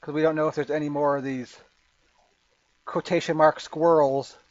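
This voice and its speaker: A man's voice: a little high, flat delivery, normal speed, no room sound. A man running a tabletop game as game master, narrating with many fillers and restarts. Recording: dull lo-fi sound.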